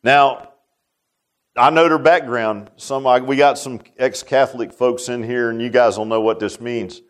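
A man's voice: medium pitch, steady tone, a little slow. An older man telling a personal story in a sermon, folksy and repetitive, leaning on filler like "man". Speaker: preacher.

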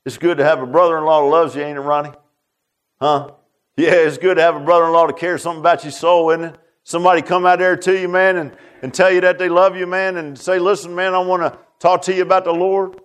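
A man's voice: on the high side, level tone, fast, a bit bright, smooth. An older man telling a personal story in a sermon, folksy and repetitive, leaning on filler like "man". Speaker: preacher.

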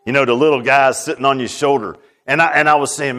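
A man's voice: mid-range voice, fairly even intonation, fast talker, fairly bright tone. An older man telling a personal story in a sermon, folksy and repetitive, leaning on filler like "man". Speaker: preacher.

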